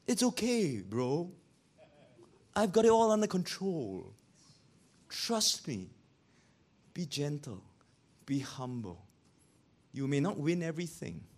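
A man voicing a laid-back, casual Jesus who speaks in soft, slangy reassurance. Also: a little high, voice pushed down, exaggerated voice.

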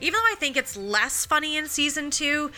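A woman's voice: high voice, lively intonation, a little fast, sharp tone. A woman in her thirties co-hosting a casual chat about a TV show, enthusiastic and profane, with many filler likes. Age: 30s. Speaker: podcast co-host.

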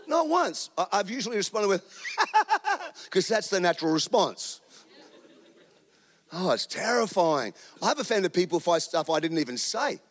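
This is a middle-aged man with an Australian accent, speaking in a fairly high voice. He is giving a sermon in an animated, joking way, slipping quick asides into his stories. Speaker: guest preacher.

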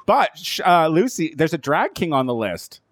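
Campy, swearing man in lively gossip. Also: on the high side, normal speed, dry recording. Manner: campy, swears freely, laughs often. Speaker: podcast co-host. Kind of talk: casual gossipy chat.

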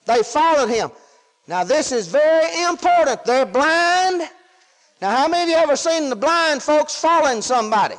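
A preacher delivers a sermon in a strikingly high voice. His talk is folksy, swinging from shouts to quiet asides, and the sound hangs in a long hall reverb. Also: lively intonation, moderate pace.

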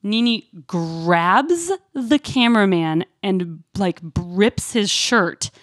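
A woman co-hosting a podcast in casual chat, animated and acting out quotes in a high voice. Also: slow, no room sound, clean studio sound. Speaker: podcast co-host.

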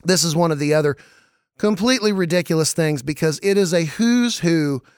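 A man hosting a casual movie podcast, excitable, laughing often and stumbling over repeated words. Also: on the high side, fairly quick, clean tone, dry recording, clean studio sound. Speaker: podcast host.

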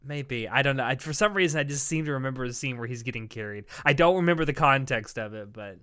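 A man's voice: mid-range voice, fast, sharp tone, smooth. A man co-hosting a casual comedic podcast, teasing his friends in a dry, wry way. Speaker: podcast co-host.

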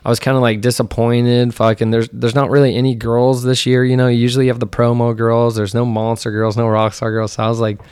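Young male podcast host, smooth resonant voice, dry close sound, loose profane storyteller. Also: medium pitch, flat delivery, a little fast, hardly any pauses, darkish tone, dry recording. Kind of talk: casual storytelling chat.

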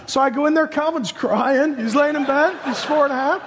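A man's voice: very high-pitched, unhurried, long pauses, in a large hall, slight background noise. A man in his thirties preaching a sermon, telling stories with humor and acting out people's voices. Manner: animated storytelling, acts out voices, joking. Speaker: pastor.

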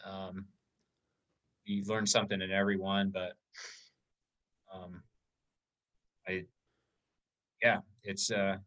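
A man's voice: low voice, flat delivery, slow pace, pauses often, sharp tone, highs cut off. A man on a podcast, telling an emotional story about an ultramarathon in a casual, rambling way with many fillers.

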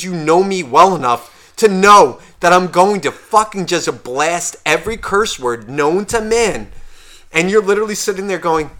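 A man co-hosting a casual podcast, swearing constantly and acting out his phone calls in loud rants. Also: high voice, lively intonation, moderate pace. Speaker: podcast co-host.

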